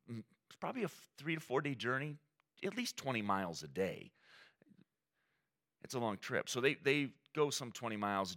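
Male pastor, sermon, conversational and animated, swinging pitch, bright voice. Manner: animated, conversational preaching with quoted asides.

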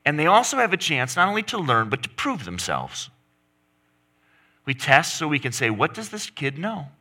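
A man's voice: a little high, huge pitch swings, moderate pace, pushed and bright. A middle-aged man preaching a sermon, emphatic, pushing his voice up and down to stress points. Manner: emphatic, rising and falling for stress. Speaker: pastor.

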